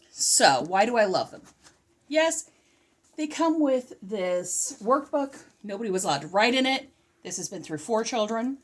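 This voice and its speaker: A middle-aged woman in a casual, chatty homeschool curriculum review, slightly out of breath and often interrupting herself. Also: fairly high pitch. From California. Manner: chatty, animated, self-interrupting. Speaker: homeschooling vlogger.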